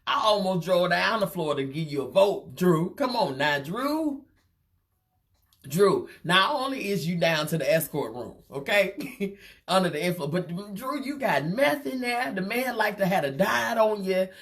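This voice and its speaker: A woman's voice: medium pitch, lively intonation, measured pace, fairly bright tone. A woman hosting a live gossip show, teasing and laughing often, repeating phrases and calling out "child" and "baby" as she comments. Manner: repeats and draws out phrases for effect.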